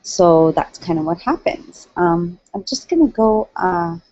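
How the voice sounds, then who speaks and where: A woman's voice: lowish voice, lively intonation, a little slow, mellow, slight background noise. A middle-aged woman, rambling through a casual solo video chat from home on a computer mic. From Canada. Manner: rambling and chatty, with many fillers. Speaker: online hangout host. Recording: dull, dry lo-fi webcam audio.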